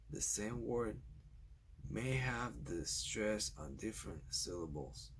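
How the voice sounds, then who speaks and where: A man narrating a scripted language lesson, speaking slowly and deliberately, carefully spelling out example words. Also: mid-range voice, slight background noise. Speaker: language teacher.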